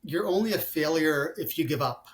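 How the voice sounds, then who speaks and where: A man's voice: fairly high pitch, animated, normal speed. A man in his forties, a company founder talking about his business in a casual interview, rambling with many fillers and restarts. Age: 40s.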